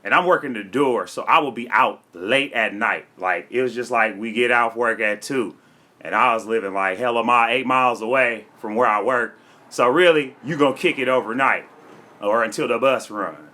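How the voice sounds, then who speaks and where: A man's voice: medium pitch, normal speed, sharp tone. A man from Florida, a comedian and rapper, freestyling and then telling a story in a brash, profane, streetwise way. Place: home studio.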